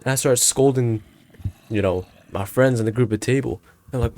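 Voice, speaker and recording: A man's voice: medium pitch, moderate pace, dark tone. A young man in his late teens, casually telling a story about his school day in a slangy, profane, rambling way. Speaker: student storyteller.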